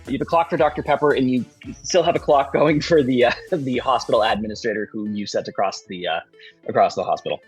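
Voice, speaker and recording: A man narrating as game master of a tabletop game, lively and playful. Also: mid-range voice, quick pace, husky, soft background music.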